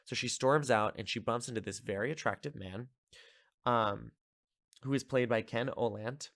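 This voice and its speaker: A man's voice: medium pitch, moderate pace, fairly bright tone, dry recording, studio quality. A man hosting a podcast, casually recapping a film in a chatty, amused way with lots of filler words. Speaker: podcast host.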